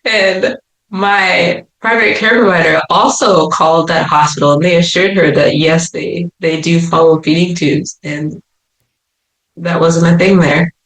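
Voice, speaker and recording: A woman's voice: fairly low pitch, a little slow. Young woman telling her story, roomy sound. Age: young adult. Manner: animated, laughs while telling her story. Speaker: podcast guest. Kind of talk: casual storytelling. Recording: roomy echo.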